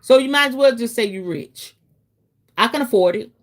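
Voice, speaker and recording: A woman hosting a casual teaching stream, talking straight to her viewers in a chatty way and breaking into dramatic, animated asides. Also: on the high side, normal speed. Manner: chatty, addresses viewers directly. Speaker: host, spiritual teacher.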